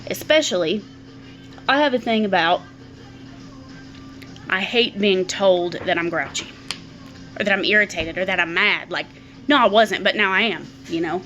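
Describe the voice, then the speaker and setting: A woman's voice: medium pitch, moderate pace, pauses often, bright, forceful tone, highs cut off, faint music behind. A middle-aged woman speaking candidly to camera in a personal vlog, often repeating words as she thinks aloud. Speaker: vlogger.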